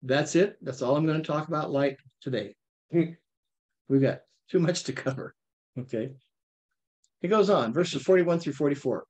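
A man teaching an informal Bible study, talking with his listeners in a lively, playful way and often checking in with them. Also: on the high side, unhurried, long pauses, lo-fi sound. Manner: conversational, checks in with frequent "okay?".

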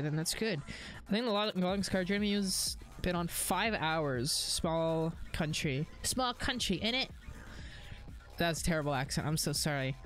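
A young woman streams while gaming, chatting casually, swearing freely and reading her chat aloud. Her voice is lowish with a fairly bright tone.

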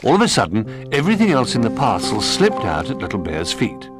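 A man narrating a children's storybook in a gentle, expressive manner. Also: medium pitch, a little fast, over music.

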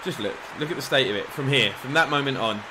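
A young man giving excitable, rambling live commentary over a football video game, shouting encouragement at the players and joking at himself. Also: mid-range voice, fast, background noise. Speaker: gaming YouTuber.

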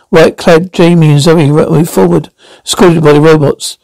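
A man narrates stage directions in a plain amateur read-through, now and then tripping over words. His voice sits high and is recorded close and dry. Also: steady tone, normal speed, creaky, darkish tone, no room sound, rough recording. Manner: plain, stumbling reading with restarts.

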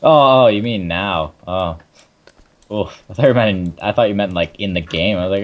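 A man's voice: lowish voice, moderate pace. A young man, hosting a let's play in casual, joking chat, swearing and laughing often. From Canada. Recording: dull lo-fi mic.

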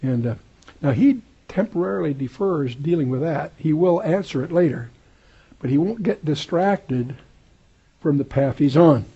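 Husky-voiced male Bible teacher, lo-fi. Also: on the high side, animated, normal speed, dark tone. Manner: conversational, wry asides and digressions. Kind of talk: verse-by-verse Bible study lecture.

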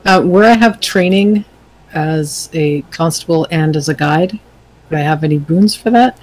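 A player in a tabletop game, talking slowly and hesitantly with many ums. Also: medium pitch, a little mellow, poor audio.

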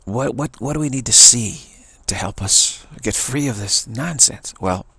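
A man's voice: medium pitch, unhurried, bright, forceful tone, husky, no room sound. A man giving an earnest spiritual talk, telling a story and repeating phrases for emphasis. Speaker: spiritual teacher.

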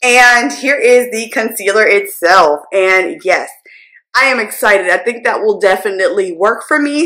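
A woman vlogger with a slightly high voice gushes over gifts as she unboxes them. She speaks straight to her viewers, excitable and eager. The room around her echoes. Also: moderate pace. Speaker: beauty vlogger. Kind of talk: unboxing vlog.

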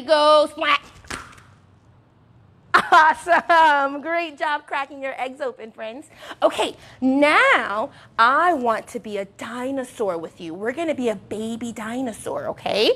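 Young woman, toddler music teacher, high sing-song voice, bubbly, slow and clear. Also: fairly bright tone. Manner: bubbly and encouraging, with gasps and playful sounds. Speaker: children's music class teacher.

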